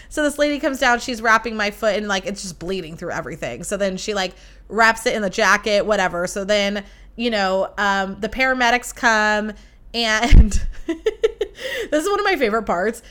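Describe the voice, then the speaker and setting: A young woman hosting a podcast, telling a story in a casual, animated and profane way. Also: mid-range voice, moderate pace. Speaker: podcast host.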